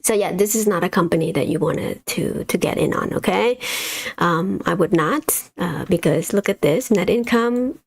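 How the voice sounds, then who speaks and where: A woman's voice: fairly low pitch, normal speed, creaky, husky. A woman hosting a casual livestream, giving exasperated, blunt commentary on stocks while reading figures off a screen. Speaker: stock market livestream host.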